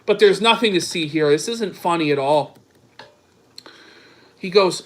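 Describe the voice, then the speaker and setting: A man's voice: high-pitched, lively intonation, measured pace, a bit bright. A man hosting a commentary show, mocking read-out texts in a crude, sarcastic, profane way. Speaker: commentary channel host.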